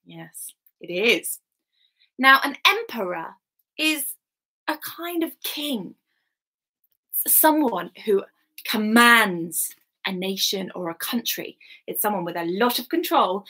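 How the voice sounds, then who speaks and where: A woman's voice: medium pitch, pushed and bright, slightly rough. A woman at home leading an interactive children's story time, coaxing and talking straight to the kids.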